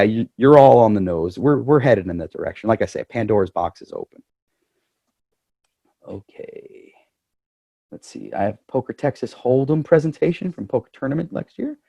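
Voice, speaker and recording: A man's voice: mid-range voice, a little mellow, no echo. A man speaking as club president, addressing the members over a video call in a chatty, joking way.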